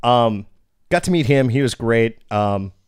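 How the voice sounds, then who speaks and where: A man's voice: mid-range voice, animated, measured pace, clear, resonant tone, dry recording. A man with a mid-range, ordinary voice co-hosts a podcast, telling crude stories in an easygoing, joking way. His voice is recorded dry and close. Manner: profane, joking, easygoing storytelling. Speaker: podcast co-host. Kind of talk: casual podcast chat.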